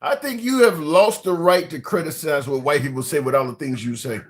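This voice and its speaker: A man's voice: on the high side, brisk, noisy background. A man hosting a livestream debate, mocking and provoking his guest while asking viewers for support. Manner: mocking, needling, calmly provocative. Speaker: host.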